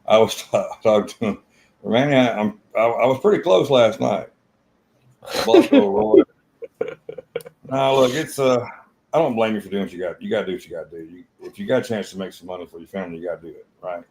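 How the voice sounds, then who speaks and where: A low-pitched man with a blunt, cussing way of talking. He co-hosts a casual live trading stream and tells stories by acting out quoted lines. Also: fast, darkish tone, poor audio.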